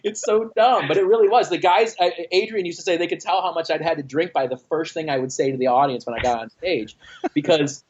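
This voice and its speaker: This lo-fi internet call, with slight background noise, captures a man from Austin, Texas, who once fronted a band. His voice is on the high side and fairly quick as he tells profane, animated stories in a casual interview, acting out the quotes.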